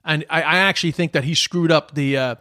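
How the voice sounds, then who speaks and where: A man with a noticeably high-pitched voice delivers a heated political rant. He sounds exasperated and swears freely as he talks. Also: fairly even intonation, brisk, bright, forceful tone. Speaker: commentator.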